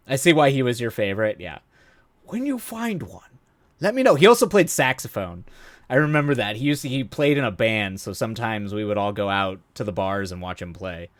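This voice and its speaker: A man's voice: on the low side, a little fast, no echo. A man hosting a live stream, chatting loosely with viewers, often trailing off, restarting sentences and laughing at his own stories. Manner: rambling, self-interrupting, laughs often. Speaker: streamer host. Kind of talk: casual live-stream chat.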